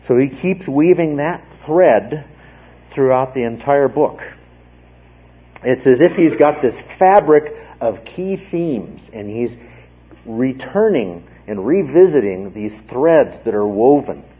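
A man's voice: medium pitch, breathy edge. A man giving a Bible study lecture, explaining patiently and checking in often with his listeners. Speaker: Bible teacher. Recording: phone-like narrow band.

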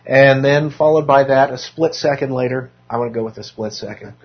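A hoarse man teaching a casual Bible class, with joking self-deprecating asides and frequent restarts. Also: mid-range voice, a little fast, a little hiss or hum. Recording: dull lo-fi room recording.

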